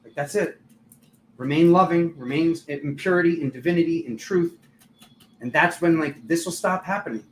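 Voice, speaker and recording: Casting: male tarot host, fairly high voice, loose chatty delivery, echoey room. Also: normal speed. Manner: chatty, filler-heavy, laughs at himself. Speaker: tarot reader and channel host. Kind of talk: casual live tarot reading. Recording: echoey room, faint background noise.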